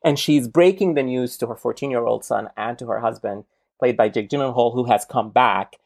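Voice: medium pitch, creaky, darkish tone. Thoughtful podcast co-host on film. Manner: thoughtful, measured, with fillers like sort of and um. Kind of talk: casual film discussion.

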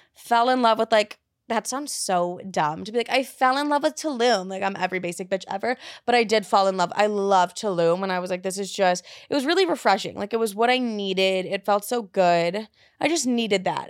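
A young woman hosts a podcast and tells story times in an excited, rambling rush, swearing freely and leaning on "like." Her voice sits at an ordinary pitch for a woman. The recording is close and dry, with no room sound. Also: dry recording. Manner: excited, rambling and profane, full of "like". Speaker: podcast host. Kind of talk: casual story time. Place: New York.

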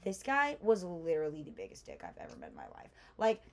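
Co-hosting a laid-back podcast, a young woman spins out a lengthy, lively story full of fillers, talking quickly in a low voice.

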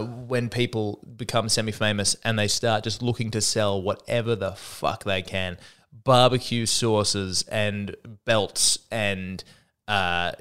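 A man's voice: lowish voice, fairly bright tone, clean tone. A man with an Australian accent, hosting a solo comedy podcast, rambling and self-deprecating with sarcastic asides.

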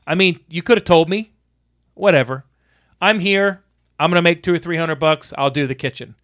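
A fairly high-voiced man spins a job-site story in loose podcast chat, swearing often. He gets louder and more exasperated as he goes, with a quick, lively delivery. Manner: animated, profane, exasperated. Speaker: storyteller, electrician.

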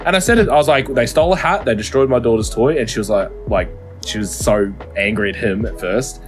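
A man's voice: mid-range voice, fast talker, faint music behind. A man, co-hosting a podcast and telling a story in casual chat, full of swearing and laughter. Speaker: podcast co-host.

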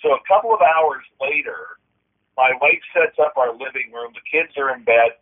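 A man, a guest on a call-in show, earnestly recounting a personal story in halting sentences full of restarts. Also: mid-range voice, lively intonation. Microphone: telephone. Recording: tinny phone line.

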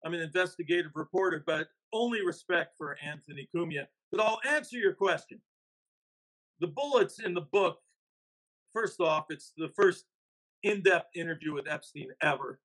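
A man's voice: on the high side, lively intonation, moderate pace, fairly bright tone, poor audio. A man, an investigative reporter and author, talking emphatically as a podcast guest. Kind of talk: casual podcast interview.

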